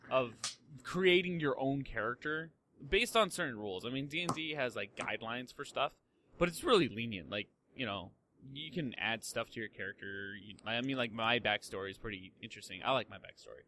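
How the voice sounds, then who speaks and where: A young man hosts a podcast in a casual, rambling chat, full of fillers, restarts and free swearing. His mid-range voice is expressive and fairly quick, with crowd noise in the background.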